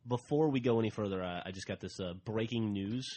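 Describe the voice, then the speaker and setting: A man's voice: lowish voice, fast talker, mellow. A man hosting a podcast in casual chat, teasing and swearing, laughing often. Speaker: podcast host.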